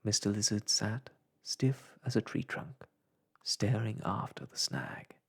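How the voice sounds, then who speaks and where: A storyteller softly whispering an old children's book aloud, in a whispered role-play. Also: mid-range voice, big pitch swings, slow pace, gravelly, husky.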